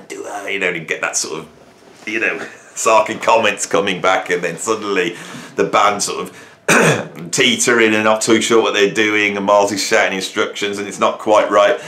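Rambling man in an echoey garage. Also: lowish voice. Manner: rambling, animated, repeats phrases and restarts. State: hot and sweaty. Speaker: drummer and producer talking to camera. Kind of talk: casual monologue to camera. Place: home garage.

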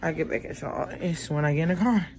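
She's a vlogger and mom in her forties whose low, darkish voice moves fast as she chats casually and rambles directly to her viewers. The setting shifts from home to a parked car, and tooth extractions mean she can't open her mouth all the way.

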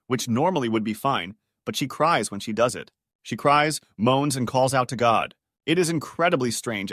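A man narrating a string of short online stories in a steady, scripted reading voice. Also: mid-range voice, no room sound, clean studio sound.

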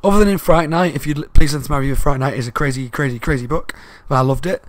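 Fast, loud-talking man reviewing a book. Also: medium pitch, dry recording. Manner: rambling, with fillers and asides. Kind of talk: casual spoken book review.

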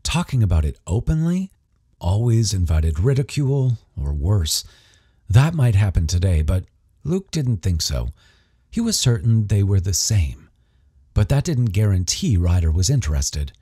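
A man narrating an audiobook in an expressive storytelling manner. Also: fairly low pitch, measured pace, husky, no echo, clean studio sound. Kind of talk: scripted narration.

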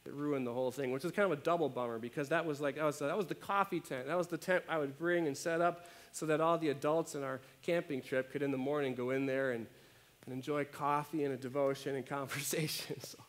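A man delivers a sermon in a relaxed, conversational style, often tossing in "right?" to his listeners. His voice sits a bit high and moves around a lot. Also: fast talker. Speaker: pastor. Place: church.

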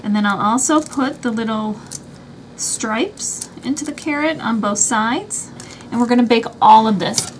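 A woman with a high, light voice walks through a craft project one step at a time, chatty and easygoing. A faint hum of room ambience sits under her voice. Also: measured pace. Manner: chatty, explains each step as she works. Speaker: craft channel host.

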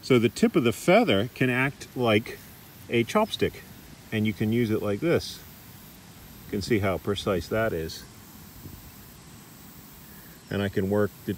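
A middle-aged Australian man demonstrating massage techniques in a relaxed, chatty way, recorded in a park. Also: fairly low pitch, slight background noise. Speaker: massage teacher. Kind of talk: casual demonstration. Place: park outdoors.

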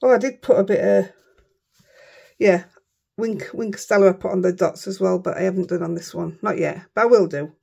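Chatty Yorkshire craft vlogger, woman, husky and a little gravelly, mutters asides. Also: medium pitch, moderate pace, dark tone. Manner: chatty, self-mocking, often mutters under her breath. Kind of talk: casual chat while crafting.

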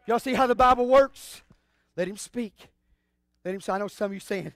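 High-voiced fiery male preacher. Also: normal speed, no room sound, clean studio sound. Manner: impassioned, swings between shouts and hushed asides; call-and-response exclamations. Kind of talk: fiery sermon.

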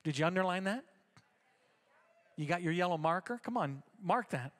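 A man's voice: high-pitched, expressive, moderate pace, fairly bright tone. A middle-aged male pastor preaching a sermon at a church service, emphatic and repetitive as he rallies the congregation.

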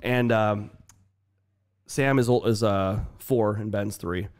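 A man in his thirties chatting casually on a podcast, telling stories with lively acted-out quotes. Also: lowish voice, slow pace. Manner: animated storyteller, acts out quotes loudly. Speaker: podcast co-host. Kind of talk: casual chat among friends.

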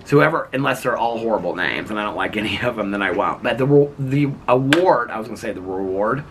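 This is casual chat to camera: a man vlogging outdoors at home in the evening, playfully rambling to his viewers and laughing. He speaks quickly in a fairly low pitch with lively intonation, over background noise.

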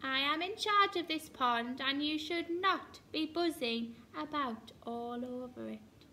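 A woman's voice: high-pitched, slow, full character voice. A woman voicing a bossy, fussy male duck who snaps orders in a children's storybook. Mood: bossy, snappish. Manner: loud, commanding and snappish. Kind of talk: storybook reading.

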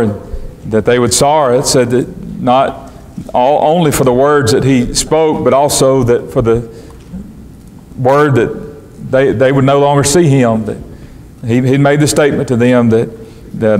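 A man's voice: mid-range voice, a little mellow. A man preaching a sermon as pastor, reading scripture in old-fashioned wording and restarting phrases as he goes. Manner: preaching in King James wording with frequent restarts. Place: church sanctuary. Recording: long church reverb.

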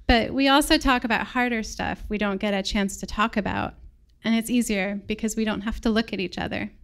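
A woman with an American accent reads her own story aloud to a live audience. Her voice is smooth and clear at a middling pitch, and she tells it in a reflective, measured way. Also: steady tone. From England. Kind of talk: personal story read live on stage.

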